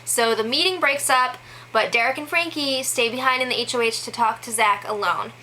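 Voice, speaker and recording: A woman talks through a recap in a loose, chatty way, dropping "like" often and breaking into quick laughs. Her voice is bright and sits a bit high. Faint background noise runs under her. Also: poor audio. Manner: chatty, many "like" fillers, laughs between quotes. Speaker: show recap host. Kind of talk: casual spoken recap.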